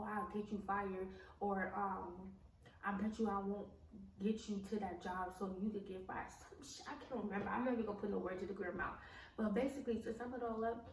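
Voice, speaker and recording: A woman's voice: mid-range voice, a little mellow. A young woman telling a personal story in a casual vlog, blunt and full of swearing, with many "like" and "um" fillers. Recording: roomy echo, mic at a distance, faint background noise.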